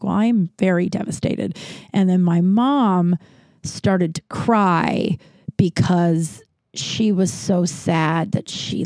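A woman's voice: lowish voice, dry recording. Rambling woman podcaster, dry close sound. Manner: rambling, animated, many fillers and restarts. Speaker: podcast host telling a personal story. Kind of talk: casual storytelling monologue.

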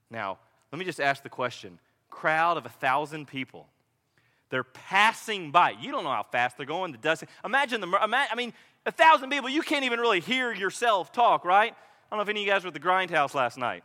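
Animated male pastor preaching in a hall. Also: fairly high pitch, normal speed. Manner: animated storytelling, acting out voices. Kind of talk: sermon.

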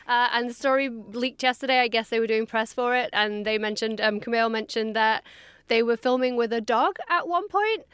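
A woman's voice: on the high side, normal speed, a bit bright, clear, resonant tone, dry recording, clean studio sound. A woman co-hosting a podcast, telling rambling anecdotes in a chatty way. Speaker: podcast co-host. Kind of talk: casual podcast chat.

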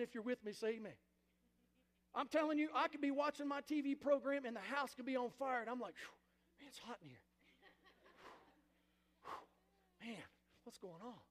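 A man preaching a sermon as pastor, emphatic, with call-and-response to the congregation. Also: extremely high pitch. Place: church sanctuary. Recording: reverberant church hall.

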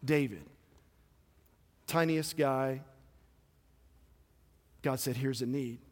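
A man preaching a sermon as pastor, with passionate delivery that swings between loud emphasis and quiet, hushed moments. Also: mid-range voice, drawn-out words. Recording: long hall reverb.

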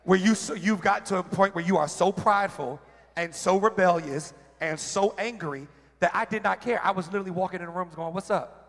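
A man sharing a candid, emotional personal testimony at church, with halting restarts. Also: high-pitched, fairly bright tone. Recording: reverberant hall.

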